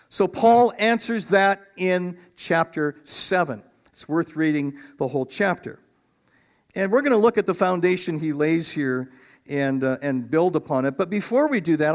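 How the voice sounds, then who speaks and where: A middle-aged man preaching a sermon as pastor, animated and acting out voices of biblical figures. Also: fairly high pitch.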